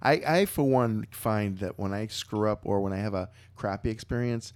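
A male podcast co-host with a mid-range voice chats casually. He tells stories at his own expense with lively, goofy energy. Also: fairly low pitch, normal speed. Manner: animated, self-mocking storyteller. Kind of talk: casual chat.

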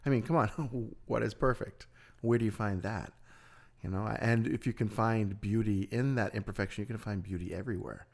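Upbeat guy hosting a podcast, lowish voice, stammers a bit. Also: moderate pace, gravelly. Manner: upbeat, stammers and laughs easily. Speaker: podcast host. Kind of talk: casual chat.

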